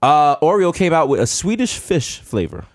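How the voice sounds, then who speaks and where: A man's voice: on the high side, sing-song, normal speed, no echo, studio quality. A man, co-hosting a podcast in casual comedic banter, telling stories and teasing with frequent laughs. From the Bronx, New York. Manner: joking storyteller, teasing, laughs often. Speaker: podcast co-host.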